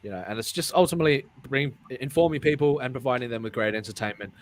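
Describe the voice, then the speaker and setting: A man's voice: medium pitch, fast talker, slight background noise. A man hosting a casual live-streamed talk show, rambling and repeating his words, often breaking into laughs. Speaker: podcast host.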